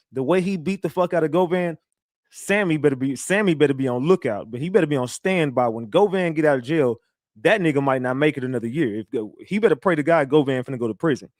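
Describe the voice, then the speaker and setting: A man's voice: a little high, a little mellow, no room sound, clean studio sound. Slangy man talking on a livestream. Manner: loose, rambling street slang with restarts. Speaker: livestream host. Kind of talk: casual livestream commentary.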